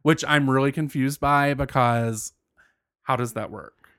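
A man's voice: medium pitch, steady tone, measured pace, a bit bright, dry recording, studio quality. A man co-hosting a casual podcast, blunt, profane and sarcastic. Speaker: podcast co-host.

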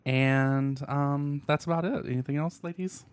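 A man's voice: fairly high pitch, fairly even intonation, measured pace, smooth, no echo. A man hosting a casual podcast, easygoing as he reads listener reviews and wraps up the show. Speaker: podcast host.

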